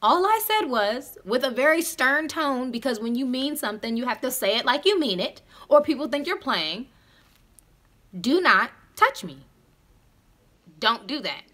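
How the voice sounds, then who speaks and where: Animated young woman telling a storytime. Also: sits high, normal speed, hardly any pauses. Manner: animated, profane, talks straight to viewers. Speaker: vlogger. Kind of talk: casual storytime.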